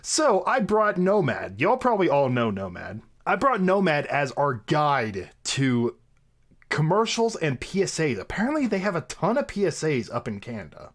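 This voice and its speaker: Animated man hosting a reaction video. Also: on the high side. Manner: animated, quick to laugh. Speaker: host. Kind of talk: casual reaction video chat.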